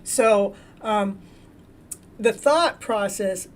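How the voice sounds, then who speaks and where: A woman's voice: medium pitch, very slow, a little hiss or hum. A woman hosting a live tarot reading who chats with viewers by name, laughs often and trips over and repeats her words. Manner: talks to viewers in the chat by name. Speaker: tarot reader and show host.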